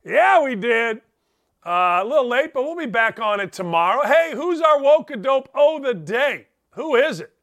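A man's voice: very high voice, very animated, normal speed, a bit bright. A middle-aged man hosting a sports talk radio show, delivering a blunt, sarcastic, opinionated monologue.

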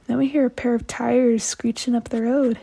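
A young woman with a fairly high voice tells a story she sent in to a podcast. She talks in a chatty, self-mocking way, like she is recounting a wild teenage adventure to a friend. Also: little pitch movement, normal speed, vocal fry, dark tone. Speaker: listener telling a story to a podcast. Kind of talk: casual storytelling.

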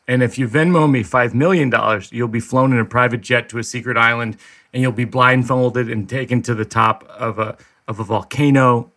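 A man's voice: fairly low pitch, sharp tone. A man hosting a podcast, chatting casually and spinning absurd comic bits. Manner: jokey, spins absurd bits. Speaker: podcast host. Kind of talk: casual chat.

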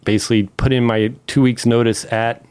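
A man's voice: medium pitch, a little fast, clean tone. Casual man telling a story. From Memphis. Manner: animated, acts out quotes, swears. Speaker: podcast guest.

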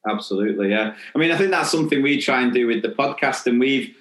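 An easygoing British man with a middle-pitched voice co-hosts a casual podcast. His voice has a noticeable echo from the room. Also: lively intonation, quick pace, fairly bright tone. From United Kingdom. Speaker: podcast co-host. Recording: echoey room.

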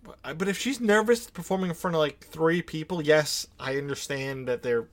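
A man's voice: a little high, normal speed. A young man co-hosting a podcast in a laid-back casual chat, full of filler words. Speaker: podcast co-host.

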